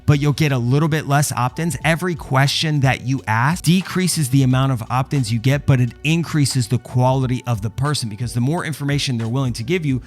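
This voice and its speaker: A man's voice: mid-range voice, fairly quick, hardly any pauses. A man teaching copywriting in a step-by-step walkthrough, emphatic and checking in often with the listener. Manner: emphatic, explains step by step with repeated "okay?" check-ins. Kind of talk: screen walkthrough tutorial.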